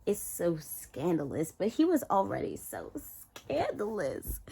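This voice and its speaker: A woman's voice: on the low side, unhurried, creaky, hardly any pauses. Chatty woman recapping a show. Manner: chatty, heavy use of "like", animated retelling. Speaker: TV show reviewer. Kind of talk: casual recap and reaction.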